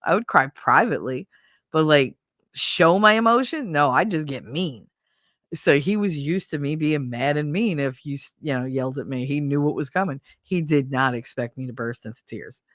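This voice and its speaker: A woman hosting a podcast, telling stories in a casual, animated and profane way. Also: low voice, normal speed, no echo, studio quality. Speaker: podcast host. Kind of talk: casual storytelling chat.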